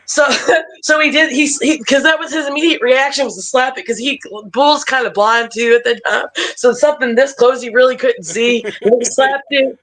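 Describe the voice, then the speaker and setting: A woman wrestler telling stories as a podcast guest over a video call, animated and profane, laughing often. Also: sits high, a little fast, slight background noise, low-quality recording. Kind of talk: casual storytelling.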